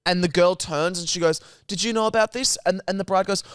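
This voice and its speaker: A man's voice: sits high, brisk, fairly bright tone, clean tone, no room sound, clean studio sound. A young Australian man co-hosting a podcast, telling stories crudely and animatedly with lots of swearing. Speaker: podcast co-host. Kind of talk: casual chat.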